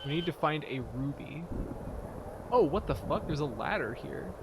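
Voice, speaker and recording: This man narrates his own playthrough of an old game with sarcastic, incredulous commentary. His voice sits fairly high and swings around a lot. Clear background noise runs under the recording. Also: expressive, moderate pace. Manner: sarcastic, incredulous, laughing asides. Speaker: gameplay commentator. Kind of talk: let's-play commentary.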